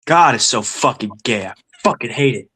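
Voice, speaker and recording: A man's voice: mid-range voice, lively intonation, moderate pace, sharp tone, slightly rough. A young man with a nasal voice hosting a stream, ranting angrily about politics and swearing constantly. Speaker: stream host. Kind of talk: profane political rant.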